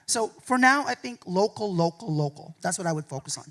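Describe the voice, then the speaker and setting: Animated man fielding audience questions. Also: high voice, brisk. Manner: animated, joking, keeps adding "right?". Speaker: featured speaker answering audience questions. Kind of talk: public talk Q&A. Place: university lecture hall with audience.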